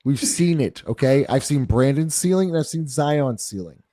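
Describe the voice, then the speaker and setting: A man's voice: medium pitch, lively intonation, moderate pace, mellow, dry recording, studio quality. A man co-hosting a live postgame sports show, talking casually and hedging with "like". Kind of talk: live sports talk stream.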